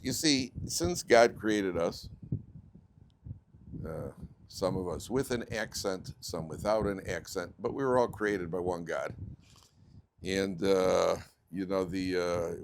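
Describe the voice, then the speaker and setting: American rabbi joking through a Torah class. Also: male voice, a little slow, slight background noise. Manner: joking, digressive, with sudden jumps in pitch. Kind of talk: informal Torah lecture.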